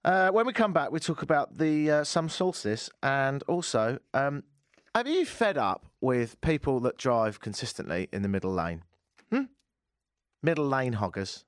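A man hosts a late talk radio show in a casual, self-mocking way. His voice moves lively up and down in pitch. The studio sound is dry and close. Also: moderate pace, dry recording. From England. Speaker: radio host. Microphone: studio mic.

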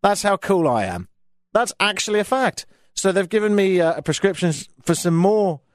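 A man's voice: high voice, big pitch swings, moderate pace, no echo. A man from Britain hosting a radio show, telling a self-mocking comic story from his studio microphone.

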